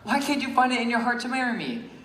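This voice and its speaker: A man's voice: very high-pitched, sing-song, fast talker, pushed and bright, a little hiss or hum, full character voice. A man playing an earnest, pleading lovesick young groom in a stage musical. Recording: echoey stage.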